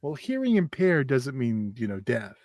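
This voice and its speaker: A man's voice: medium pitch, huge pitch swings, moderate pace, a little mellow, no room sound. A man co-hosting a podcast who chimes in with dry, teasing remarks. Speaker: podcast co-host. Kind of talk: casual chat.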